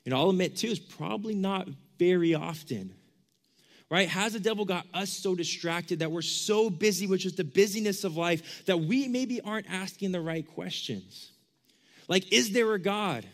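A man's voice: high-pitched, moderate pace. A young man giving a casual sermon as a youth pastor, conversational and full of "like", acting out the questions he quotes. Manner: conversational, lots of 'like', acts out quoted questions.

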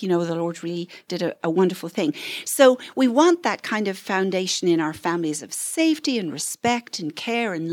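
Lively middle-aged woman counselor teaching. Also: medium pitch. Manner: expressive, acts out parent and child voices. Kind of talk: parenting seminar talk.

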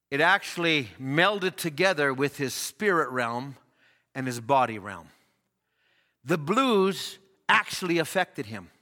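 A man's voice: a little high, pushed and bright. A man preaching a sermon earnestly, building emphasis through rhythmic repetition. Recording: long reverb of a church hall.

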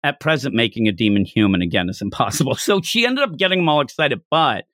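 A man's voice: mid-range voice, animated, quick pace, a bit bright, no room sound, clean studio sound. A man co-hosting a casual podcast about a manga, talking animatedly and acting out characters' lines in shifting voices. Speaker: podcast co-host.

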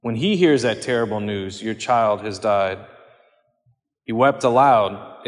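A man giving a homily on scripture in a measured, earnest way, slowing down whenever he quotes. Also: on the low side. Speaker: priest. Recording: long hall reverb.

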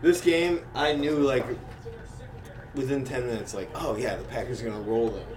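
A man's voice: mid-range voice, normal speed. A man in casual podcast chat, loose and opinionated, telling jokes and stories. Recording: distant mic.

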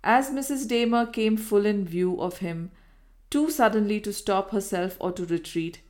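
A woman's voice: mid-range voice, darkish tone. Woman reading a Victorian novel aloud. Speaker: audiobook narrator. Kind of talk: scripted narration.

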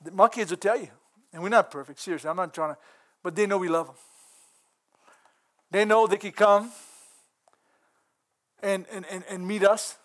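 A man's voice: high-pitched, moderate pace, pauses often. A middle-aged man giving a folksy, earnest sermon, laughing often between points. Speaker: preacher.

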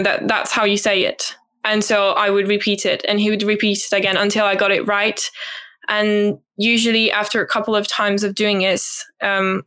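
A young woman who grew up speaking French talks with a picked-up British twang in her bright, forceful voice. She answers an interview question thoughtfully and hesitantly, filling pauses with ums. Her pitch sits in the middle of the range for a woman. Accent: British English twang. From French-speaking country. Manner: thoughtful, hesitant, many ums and light laughs. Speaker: guest, au pair. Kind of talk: casual interview.

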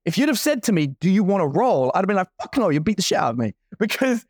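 Animated man in his forties telling a story. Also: sits high, fast, no echo, studio quality. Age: 40s. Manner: animated storyteller acting out other people's lines. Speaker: guest entrepreneur. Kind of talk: casual storytelling.

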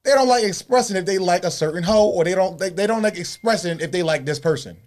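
A man's voice: sits high, quick pace, darkish tone. A man co-hosting a casual group podcast, talking loosely and profanely in run-on asides. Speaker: podcast co-host.

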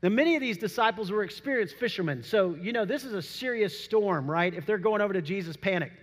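A man preaching a sermon, telling the story with animated, acted-out quotes. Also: high voice, fast talker. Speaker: pastor. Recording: long hall reverb.

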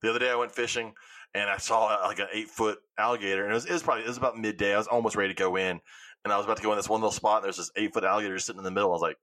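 Podcast host, bright and lively, swears freely while telling stories, dry close mic. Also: male voice, lowish voice, racing, dry recording. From Louisiana. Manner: animated storytelling with swearing. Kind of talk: casual chat.

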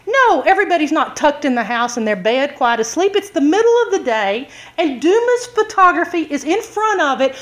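A woman preaching a sermon, telling a story with lively drama and acted-out shouts. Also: high voice.

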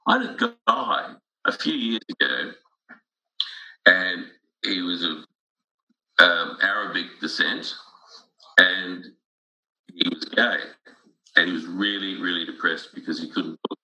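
A middle-aged man with a low-pitched voice and a very bright, forceful edge. He speaks earnestly and tells stories, often restarting his sentences mid-thought. His tone stays hard and cutting throughout. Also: animated, a little slow, pauses often, low-quality recording. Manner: earnest, storytelling with frequent restarts. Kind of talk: casual conversation.

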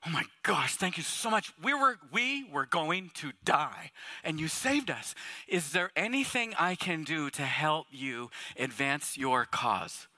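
A man preaching who acts out a rescued man thanking his rescuer with earnest, gushing gratitude, dropping to a lower voice. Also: expressive, unhurried, sharp tone, dry recording, exaggerated voice. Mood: grateful.

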